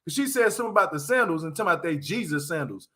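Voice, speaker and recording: Bright high-voiced man, slangy and rambling. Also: expressive, rapid-fire. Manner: slangy, rambling, laughs often. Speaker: reality TV recap vlogger. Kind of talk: casual commentary.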